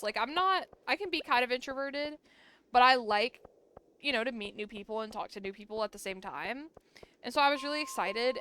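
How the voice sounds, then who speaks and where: A woman's voice: on the high side, fairly bright tone. Young woman rambling on stream, says like a lot, bit of faint hiss behind. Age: young adult. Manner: chatty, says "like" a lot, yawns between stories. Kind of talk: casual storytelling while gaming.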